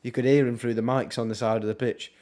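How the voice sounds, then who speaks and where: A young man, casually commentating on a football match live for his stream, with wry asides and quick reactions. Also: medium pitch, flat delivery, a little mellow. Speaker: watchalong streamer.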